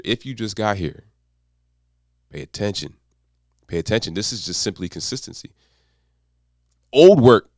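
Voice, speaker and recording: Male accountability coach, motivational monologue, swooping lively delivery, dry close sound. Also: medium pitch, no echo. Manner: repetitive, emphatic mantras.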